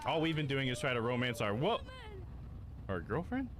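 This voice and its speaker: Excitable, swearing male streamer. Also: mid-range voice, moderate pace. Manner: excitable, swears a lot, laughs often. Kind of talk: casual live-stream gaming chat.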